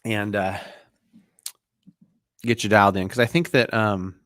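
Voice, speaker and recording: A man hosting a live mortgage Q&A stream, talking in a relaxed, chatty way with lots of fillers and restarts, sounding tired. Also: on the low side, unhurried, no room sound. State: tired, yawning.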